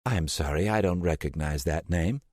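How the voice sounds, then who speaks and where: A man's voice: deep voice, moderate pace, a little mellow, dry recording, studio quality, close to an everyday voice. A man voicing a flustered, hesitant young woman working at a care home. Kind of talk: audiobook character voice.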